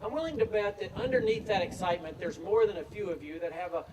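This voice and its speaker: A man's voice: high voice, fast, noisy background. A man of around 60, speaking outdoors at a graduation and telling self-deprecating stories in an easygoing way. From Tennessee, USA. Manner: relaxed, anecdotal, self-deprecating storytelling. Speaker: commencement speaker. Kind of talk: outdoor commencement speech. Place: outdoor field at a graduation ceremony. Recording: distant speech with faint outdoor ambience.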